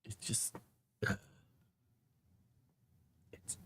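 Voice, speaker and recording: A man on a casual livestream, thinking aloud to himself as he formats a document and grumbling at the software. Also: sits low, very animated, measured pace. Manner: mutters to himself while working, grumbles at software.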